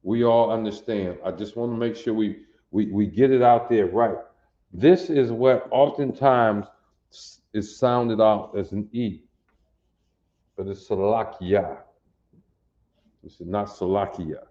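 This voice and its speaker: A man's voice: fairly low pitch, a little slow, dark tone. A man teaching a language class, repeating words and drilling pronunciation insistently. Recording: echoey, dull lo-fi room.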